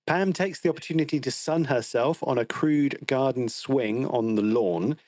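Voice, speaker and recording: A man's voice: mid-range voice, moderate pace, a little mellow. A man co-hosting a film podcast, recapping the plot in a wry, teasing way. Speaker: podcast co-host. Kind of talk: casual film discussion.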